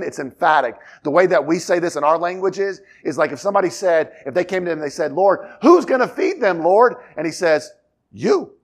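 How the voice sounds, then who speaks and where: A man preaching from the pulpit, his pitch sitting a touch high and swinging widely as he works through the passage. He reads the verses aloud, then breaks into casual asides and rhetorical questions, acting out what the disciples might have said. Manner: expository preacher, reads scripture aloud and acts out dialogue in asides. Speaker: pastor. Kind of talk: sermon.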